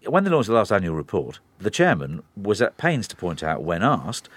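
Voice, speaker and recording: A low-voiced man who talks quickly and forcefully, breaking into the conversation and restarting his sentences. His pitch rises and falls a lot. The studio sound is dry and close. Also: wildly swooping pitch, slightly rough, no echo. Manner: forceful, interrupts, talks in bursts with many restarts. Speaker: media commentator. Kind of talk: studio discussion.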